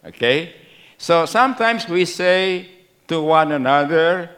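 A middle-aged man with a Kapampangan Filipino accent preaches a sermon at an unhurried pace. His voice sits slightly high for a man, and he repeats his key lines slowly. He keeps asking the congregation to answer back. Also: lively intonation, a bit bright. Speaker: pastor.

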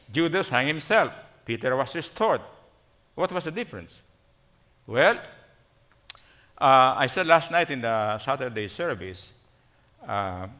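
Bright-voiced man preaching. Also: mid-range voice. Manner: repeats phrases for emphasis, frequent "okay?" checks. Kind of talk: sermon.

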